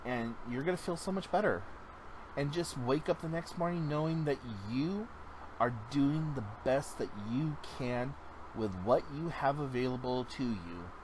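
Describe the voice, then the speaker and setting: A man's voice: mid-range voice, unhurried, background noise. A man hosting his own podcast, talking in an earnest, heartfelt, rambling casual monologue. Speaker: podcast host.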